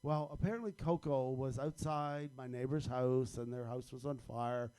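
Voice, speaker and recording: A man's voice: medium pitch, fairly even intonation, normal speed, darkish tone, smooth. A man telling a darkly comic personal story on stage at a live storytelling event, wry and chuckling at his own punchlines.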